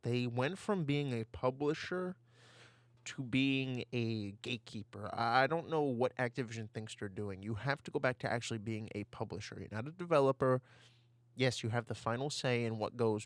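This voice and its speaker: A man's voice: mid-range voice, moderate pace, no room sound. A man ranting over gameplay footage on a desk mic, heated and given to repeating himself. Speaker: gaming YouTuber. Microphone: desktop mic.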